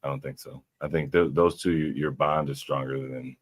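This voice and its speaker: A man with a very deep voice, chatting casually and laughing easily as a guest on an online panel, with halting restarts. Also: steady tone, slightly rough, dry recording, clean studio sound. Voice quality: very deep voice, praised by others. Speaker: guest on a live stream panel. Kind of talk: casual chat.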